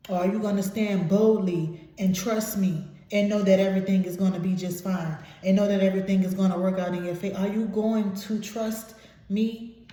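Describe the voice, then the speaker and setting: A woman's voice: mid-range voice, fairly even intonation, fast, few pauses, mellow. A woman giving a channeled tarot reading to her viewers, emphatic and preachy, swearing casually. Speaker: tarot reader. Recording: very echoey room.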